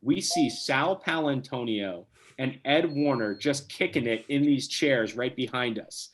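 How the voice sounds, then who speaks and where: A young man from New Jersey, a podcast guest telling a casual story with lively, quick restarts. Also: mid-range voice. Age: young adult.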